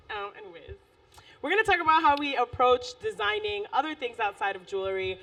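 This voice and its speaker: A high-voiced woman co-hosting a relaxed chat show, laughing easily and rambling between thoughts. She sits a little back from the microphone, so her voice is slightly distant. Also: a little fast. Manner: laughs often, loose and chatty. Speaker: podcast co-host. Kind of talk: casual chat.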